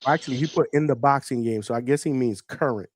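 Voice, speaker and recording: A man hosting a live call-in show, upbeat, laughing easily and quick with short affirmations. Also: mid-range voice, a little hiss or hum. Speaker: host.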